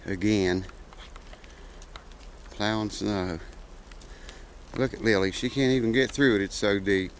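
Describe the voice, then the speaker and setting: A man's voice: on the low side, fairly even intonation, a little slow, pauses often, a little hiss or hum, rough recording. A man making a guitar repair video, chatting casually in a rambling, folksy way with plenty of "uh" fillers. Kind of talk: casual vlog chat.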